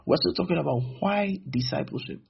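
A man's voice: fairly high pitch, lively intonation, fairly quick, gravelly, husky, muffled recording. A man preaching a sermon emphatically, acting out little dialogues between people as he teaches.

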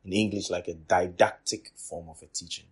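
A man's voice: deep voice, fairly even intonation, moderate pace, breathy edge. A man preaching a sermon to trainee teachers, emphatic and repetitive, dropping to near whispers and rising again. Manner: repetitive, emphatic, swings from loud to quiet.

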